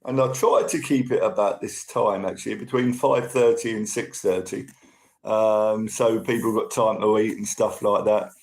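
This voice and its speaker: Gravelly-voiced man chatting on a live stream. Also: fairly low pitch, steady tone, moderate pace, poor audio. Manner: chatty, thanks viewers by name as they join. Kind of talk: casual live stream chat.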